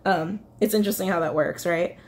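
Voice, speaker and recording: A woman talking her way through a tarot reading for her subscribers in a loose, rambling way, full of fillers and restarts. She swings between excited and teary as she goes. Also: fairly low pitch, fairly quick. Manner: chatty, rambling, emotional, frequent fillers and self-corrections. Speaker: tarot reader. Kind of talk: casual spoken tarot reading.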